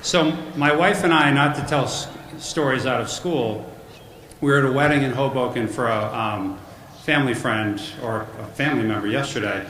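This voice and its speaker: A man's voice: mid-range voice, moderate pace, a bit bright. A middle-aged man giving a commencement speech, telling jokey, self-deprecating family stories at a podium mic. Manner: joking storyteller, self-deprecating. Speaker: commencement speaker. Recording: echoey hall with background noise.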